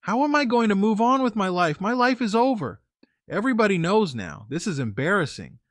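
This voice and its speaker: A man voicing a distraught young ex-girlfriend, pleading in a raised, higher voice. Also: lively intonation, moderate pace, fairly bright tone, no room sound, studio quality.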